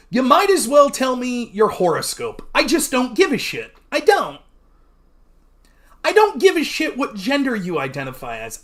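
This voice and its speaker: A man hosting a livestream, talking casually in a blunt, profane rant and pausing to thank chat viewers. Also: very high voice, a bit bright. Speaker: livestream host.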